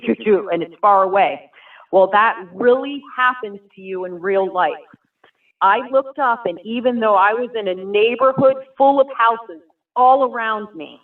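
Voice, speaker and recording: A woman giving an emotional personal testimony, telling her story earnestly and vividly. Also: medium pitch. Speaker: guest sharing a personal testimony. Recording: tinny phone-like sound from far off.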